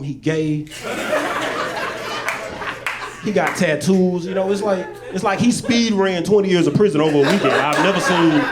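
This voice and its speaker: A man from Arkansas, doing stand-up storytelling on stage with laid-back, deadpan asides. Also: a little high. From Little Rock, Arkansas. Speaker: stand-up comedian. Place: stage at a live show.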